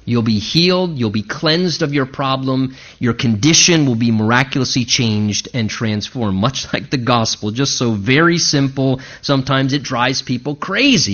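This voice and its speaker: A man delivers a sermon with a high, bright voice that swings widely in pitch. He preaches with animation and sometimes mimics an outraged listener. The recording sounds dull and lo-fi. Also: animated, normal speed. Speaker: pastor.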